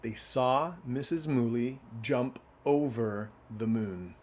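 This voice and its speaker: A man reading picture books aloud in a casual way, adding relaxed asides between the stories. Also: mid-range voice, slow. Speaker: children's book reader.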